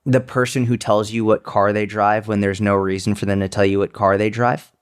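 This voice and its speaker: A man's voice: on the low side, flat delivery, a little fast, clean tone. A man co-hosting a podcast in casual chat, blunt and profane, mocking people with put-on quotes. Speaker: podcast co-host. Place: seminar speaker, fitness business coach.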